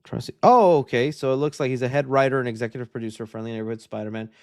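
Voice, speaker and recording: A young man hosting a live stream, reading viewer questions out loud and answering them in a chatty, upbeat way. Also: mid-range voice, rapid-fire. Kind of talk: casual live-stream chat.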